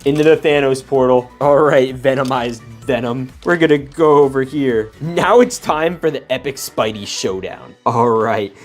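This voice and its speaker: A man's voice: medium pitch, a little slow, hardly any pauses, soft background music. A man casually chatting and joking to himself while he unboxes and builds minifigures. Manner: playful, jokey, talks to himself while building. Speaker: LEGO unboxing YouTuber.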